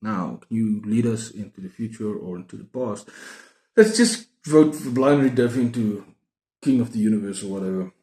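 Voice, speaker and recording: A man's voice: fairly low pitch, moderate pace, mellow. Rambling man, roomy echo. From South Africa. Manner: rambling, self-mocking, many restarts. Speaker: book vlogger. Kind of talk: casual book-haul chat.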